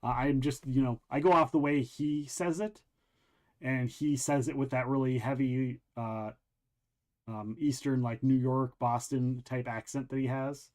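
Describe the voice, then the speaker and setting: A man hosting a show, casually chatting while walking through a video game, rambling with many pauses and restarts. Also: medium pitch. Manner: rambling, relaxed, lots of ums and restarts. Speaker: show host. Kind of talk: casual game walkthrough chat.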